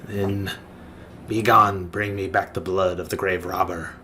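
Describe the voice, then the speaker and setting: A sinister necromancer speaks slowly and formally, as a man puts him on. The voice is theatrical and carries a bright edge. It is a grandly menacing villain in a tabletop game. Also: sits low, level tone, a little hiss or hum, voice pushed down.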